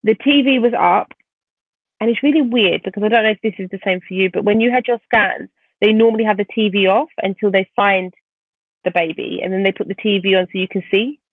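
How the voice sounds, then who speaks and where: A woman's voice: mid-range voice, brisk, no echo. A woman guest vividly retelling a painful personal story in conversation, speaking animatedly. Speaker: podcast guest. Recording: tinny phone-like line.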